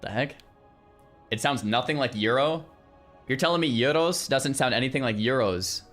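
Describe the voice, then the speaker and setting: A young man streaming, chatting casually with his viewers in an animated way, with lots of restarts and loud exclamations. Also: medium pitch, normal speed, soft background music. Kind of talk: casual livestream chat with viewers.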